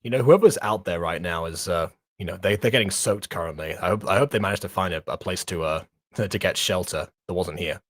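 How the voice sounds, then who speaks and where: A man's voice: deep voice, brisk, fairly bright tone, dry recording, studio quality. A man co-hosting a reaction stream, chatting casually and rambling with frequent laughs. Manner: rambling, laughing between thoughts. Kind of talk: casual chat.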